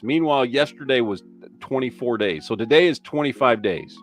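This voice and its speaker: Ranting, profane podcast host, lively voice. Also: male voice, mid-range voice, a little fast, soft background music. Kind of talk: casual live-stream chat.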